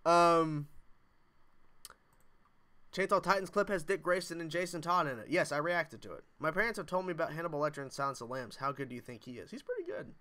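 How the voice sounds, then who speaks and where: Young guy chatting on a livestream, reading comments, bright lively voice. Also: on the high side, a little fast. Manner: animated, jokey, reads viewer comments aloud. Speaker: livestream host.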